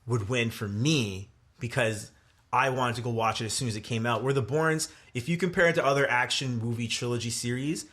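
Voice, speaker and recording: Guy on a podcast with a bright sharp voice, keeps pushing his point. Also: mid-range voice, brisk. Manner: argumentative, repeats his point. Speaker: podcast co-host. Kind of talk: casual chat.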